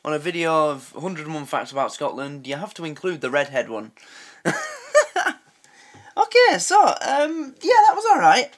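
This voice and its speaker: A man's voice: fairly high pitch, sing-song, moderate pace, pauses often. An English man hosting a reaction video, making sarcastic, swearing comments and laughing at his own jokes. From England.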